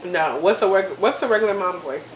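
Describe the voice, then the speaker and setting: A woman's voice: medium pitch, a little fast, roomy sound, slight background noise, rough recording. A woman in her thirties, hosting a casual chat and laughing often as she repeats words. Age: 30s. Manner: animated, laughing, repeats words to test them. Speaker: mother and channel host.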